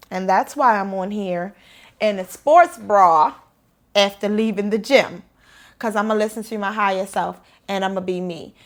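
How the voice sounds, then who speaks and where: A woman meditation teacher talking casually to camera in a vlog, energetic and fired up about life. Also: mid-range voice, measured pace. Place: indoors after the gym.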